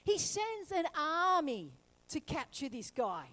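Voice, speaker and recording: A woman pastor preaching a sermon, telling a story lively and acting out the characters. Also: high voice, slow pace, low-quality recording.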